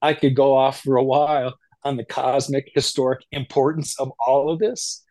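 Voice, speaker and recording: A man hosting a casual spiritual discussion on a video call, rambling and thoughtful, with many pauses and ums. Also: medium pitch, level tone, darkish tone, no room sound.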